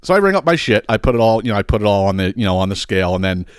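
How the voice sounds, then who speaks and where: A man's voice: lowish voice, big pitch swings, very fast, clean tone, no echo, clean studio sound. A man, probably in his thirties, hosting a podcast and telling a profane, exasperated story. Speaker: podcast host. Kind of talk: ranting storytelling.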